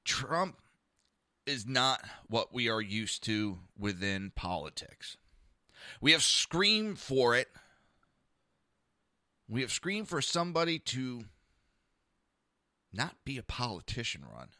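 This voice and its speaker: A man's voice: mid-range voice, sing-song, slow, long pauses, sharp tone, no room sound, clean studio sound. A man hosting a political talk podcast, ranting bluntly and sarcastically with lots of profanity and talking to his live listeners. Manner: talks to listeners in a live chat. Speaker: podcast host.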